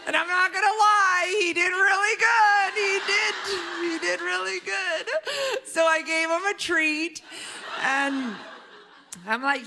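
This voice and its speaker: A woman in her thirties doing a chatty, animated stand-up set on a club stage, often tagging lines with "right?". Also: very high-pitched, a little slow, noisy background. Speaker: stand-up comedian. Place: comedy club stage with a live audience.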